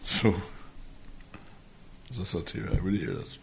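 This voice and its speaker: A man's voice: deep voice, slow, vocal fry, slight background noise. A man co-hosting a podcast, telling a long story in casual chat, swearing and laughing as he goes. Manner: swearing, laughing, animated anecdote. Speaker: podcast co-host.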